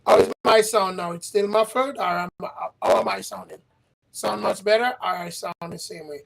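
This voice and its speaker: A man hosting a livestream who talks in a halting, repetitive way and keeps asking his audience questions. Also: high-pitched, gravelly, rough recording. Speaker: livestream host. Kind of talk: casual livestream chat. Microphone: livestream setup.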